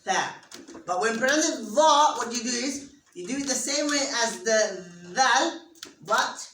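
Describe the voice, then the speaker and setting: A woman teacher speaks slowly and patiently, walking her class through each step in a slightly high voice. She has the students repeat after her, and she sounds distant from the mic in an echoey room with faint background noise. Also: fairly bright tone. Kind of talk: interactive class lesson.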